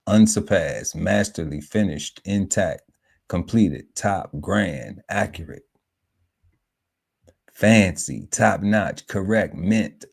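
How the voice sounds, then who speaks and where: A man hosting a casual podcast panel. He slowly reads through lists of words, musing aloud and breaking into laughter now and then. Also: low voice, vocal fry, husky. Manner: slow, musing list-reading broken by laughter and asides.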